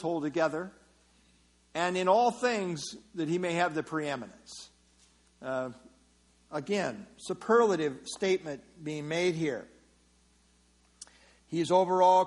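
Man teaching a Bible passage. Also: a little high. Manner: explanatory, repeats key phrases, frequent "uh" fillers. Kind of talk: verse-by-verse sermon teaching.

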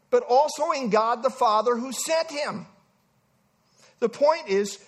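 A man preaching a sermon to a congregation, emphatic and animated, often restarting his phrases. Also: very high voice.

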